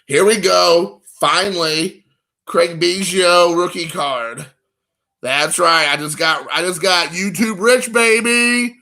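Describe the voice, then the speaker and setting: A man's voice: sits high, slow pace, sharp tone. A man in his forties hosting a casual card-collecting stream, joking and rambling at his chat viewers. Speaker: card-collecting show host.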